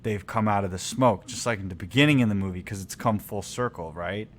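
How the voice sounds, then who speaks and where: A man co-hosting a comedy show, riffing loudly on a movie with silly put-on voices. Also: lowish voice, brisk, slight background noise. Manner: rowdy, joking, silly voices. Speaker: podcast co-host.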